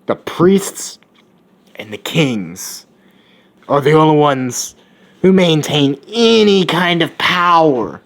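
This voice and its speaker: Guy putting on a crude rambling young hero, cynical, slow drawl, phone mic. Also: fairly high pitch, lively intonation, gravelly, fairly bright tone, pitched above the performer's own voice, heavily acted. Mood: ranting. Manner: crude, rambling, coughs between lines. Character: brash cynical young male hero, Rick-like.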